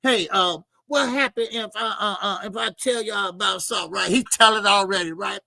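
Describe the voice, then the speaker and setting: A man's voice: high voice, moderate pace, vocal fry, sharp tone, dry recording. A man hosting a boxing channel, talking loosely to his viewers, rambling and laughing between asides. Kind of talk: casual livestream commentary.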